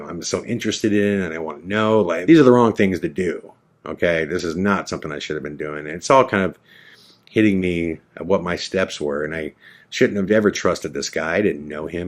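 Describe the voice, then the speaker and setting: A man hosting a podcast, casually telling a first-person story and acting out both sides of the conversation. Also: deep voice. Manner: animated retelling, acts out both sides of dialogue. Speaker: podcast host.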